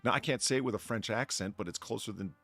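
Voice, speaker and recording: A man's voice: fairly low pitch, fast, a bit bright, faint music behind. A man hosting a casual livestream chat, reading out chat comments with wry, profane remarks. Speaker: host.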